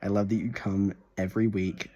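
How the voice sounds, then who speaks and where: A man's voice: fairly low pitch, little pitch movement, moderate pace, dark tone, lo-fi sound. A young man in a casual video diary, gushing over a gift and swearing freely, stumbling as he reads a letter aloud at home. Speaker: vlogger.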